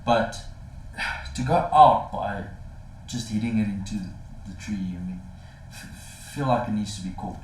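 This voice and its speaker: A man's voice: on the low side, unhurried, echoey room, slight background noise, poor audio. A man co-hosting a casual sport podcast, full of "mate" and banter. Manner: lively, says "mate" a lot. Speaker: podcast co-host.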